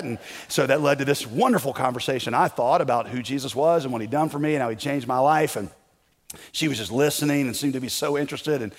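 A man's voice: mid-range voice, fast, in a large hall. A male pastor telling a personal story in a casual, self-deprecating sermon style.

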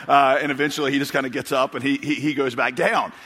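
With a husky, sharp-toned voice of medium pitch, a male pastor talks fast and fairly evenly while preaching. He meanders through amusing stories, chuckling and restarting, and the large church auditorium wraps it all in long reverb.

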